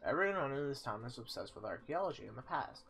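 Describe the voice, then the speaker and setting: A man's voice: medium pitch, big pitch swings, fast talker, vocal fry, fairly bright tone. A man playing a video game and commenting casually, reading the game text aloud, joking and swearing as he goes. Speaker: let's play host.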